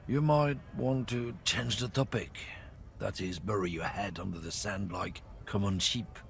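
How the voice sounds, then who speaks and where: A man voicing a gruff, bigoted middle-aged trucker from a game, swaggering and sneering as he boasts. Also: lowish voice, unhurried, voice pushed down, heavily acted. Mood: boastful. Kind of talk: voicing game dialogue on a livestream.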